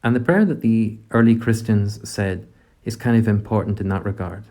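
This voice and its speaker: Soft-spoken priest in prayer. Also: male voice, lowish voice, steady tone, normal speed. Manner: gentle, reflective, addresses God directly. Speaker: priest leading a meditation. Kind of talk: guided prayer meditation.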